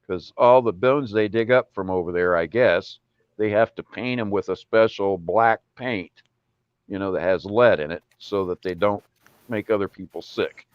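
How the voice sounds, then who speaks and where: Rambling low-voiced man on a dull call line. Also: moderate pace, dry recording. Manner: rambling storyteller, laughs often. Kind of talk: casual chat. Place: home, online call.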